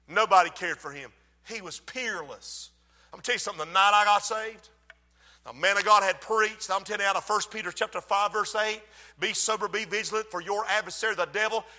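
A male preacher, who swings between soft asides and shouted emphasis in his sermon. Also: high-pitched. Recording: long hall reverb.

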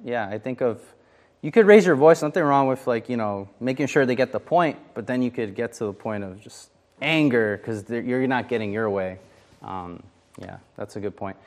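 A man leading a casual Bible study, chatty and full of fillers, often asking the group questions. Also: medium pitch. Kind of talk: casual interactive Bible teaching.

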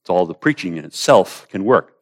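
Male preacher, low voice, declamatory sermon delivery with hushed asides. Casting note: quotes old-style scripture. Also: animated, brisk. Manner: declamatory, swinging between raised emphasis and hushed asides.

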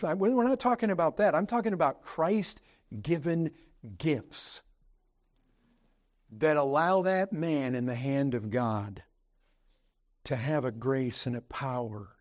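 A middle-aged man preaching a sermon to his congregation, earnest and emphatic, swinging between loud fervor and quiet storytelling and addressing the listeners directly. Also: medium pitch. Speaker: pastor. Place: church sanctuary.

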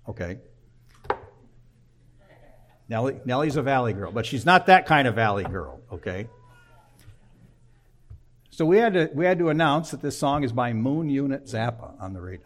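An older man preaching a sermon in a folksy, conversational way, often checking in with "okay.". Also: mid-range voice. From Michigan. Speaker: pastor.

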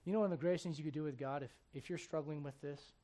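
A man's voice: on the high side, steady tone, rapid-fire, warm tone. Storytelling preacher, man. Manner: storytelling preacher, voices biblical figures in casual speech. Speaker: pastor. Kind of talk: sermon.

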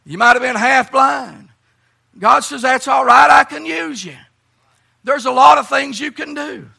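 Man preaching at a camp meeting, high and gravelly, bright and husky, hollering. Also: measured pace. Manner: hoarse, strained, folksy preaching with many "uh"s. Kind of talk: shouted camp-meeting sermon. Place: large church or camp meeting, live congregation.

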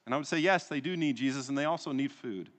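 A man delivers a sermon as a pastor, his voice sitting at an ordinary middle pitch. He preaches with a rhetorical rise and fall, often closing a point with a question. The sound carries the long reverb of a large hall. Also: quick pace.

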